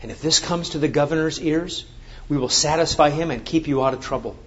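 Male preacher, fairly high voice, emphatic sermon delivery, dull lo-fi recording. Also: a little fast. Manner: emphatic, rising to forceful exclamations. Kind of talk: sermon with scripture reading. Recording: dull lo-fi sound.

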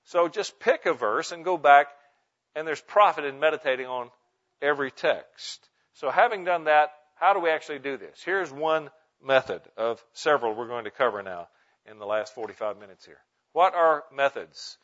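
A man preaching a teaching sermon to pastors, emphatic, slowing down and stressing single words. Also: fairly high pitch, fairly bright tone. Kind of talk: sermon teaching on Bible meditation. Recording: muffled lo-fi sound.

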